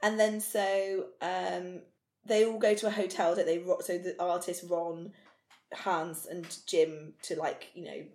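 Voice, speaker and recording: A woman's voice: lowish voice, flat delivery, a little slow, darkish tone. Podcast co-host: British woman, casual recap voice, loose and filler-heavy, room echo. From Britain. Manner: chatty, recaps the plot with many fillers. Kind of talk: casual chat recapping a TV episode. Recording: roomy echo.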